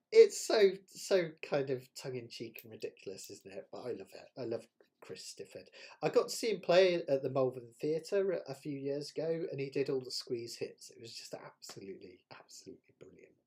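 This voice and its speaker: A chatty man with a West Country accent hosts a live ukulele session stream. His speech is animated and full of pitch swings, and his voice has a mellow, warm tone. He talks casually, laughs often and pokes fun at himself. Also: moderate pace. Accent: West Country English. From West Country of England. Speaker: ukulele teacher and jam host.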